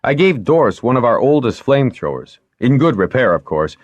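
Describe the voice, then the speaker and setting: A man reading aloud and voicing a placid, dryly wry older lord who speaks in a calm, measured way. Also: medium pitch, no echo, muffled recording, voice pushed up.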